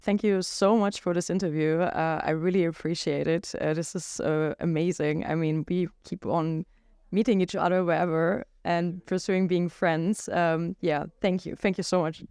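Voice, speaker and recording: A man with a fairly high voice hosting a podcast interview, friendly and upbeat as he thanks his guest and wraps up with playful pirate lingo. The sound is close and dry, with no room around it. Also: steady tone, normal speed, darkish tone, clean tone, no echo. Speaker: podcast host. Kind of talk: casual interview chat.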